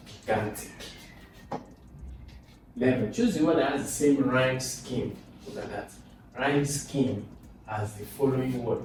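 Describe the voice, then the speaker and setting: A man's voice: medium pitch, distant mic, background noise. A man teaching exam questions step by step, repeating points and asking and answering his own questions. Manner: repetitive, coaxing, asks and answers own questions. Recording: echoey room, voice from off mic.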